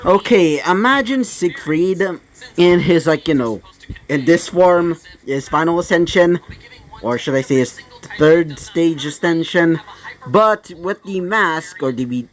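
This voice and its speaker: A man spins an improvised fan-fiction story, wandering through asides and fillers. His voice sits a bit high and bounces with animation. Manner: rambling, many fillers.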